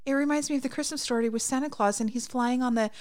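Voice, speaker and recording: A woman's voice: high-pitched, quick pace, darkish tone. A woman in casual chat, retelling a movie's scenes with many fillers like "like" and "you know". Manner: chatty, lots of "like" and "you know".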